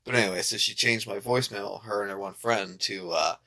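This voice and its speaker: A young man co-hosting a podcast in casual chat, laid-back, swearing often and laughing as he acts out quotes in higher voices. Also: fairly even intonation, a little fast, gravelly, pushed and bright. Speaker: podcast co-host.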